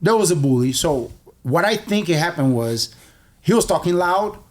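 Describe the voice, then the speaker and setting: Male coach, lively raised-pitch storyteller, loose casual podcast delivery. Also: normal speed. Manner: animated storyteller, acts out voices in quotes, many restarts. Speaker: jiu-jitsu coach and guest.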